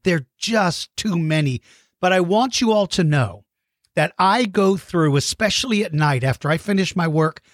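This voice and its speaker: A middle-aged man chatting warmly to young viewers about their drawings, enthusiastic with playful mock-outraged outbursts. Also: high-pitched, dry recording, clean studio sound. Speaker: kids' dinosaur channel host. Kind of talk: casual chat to young viewers.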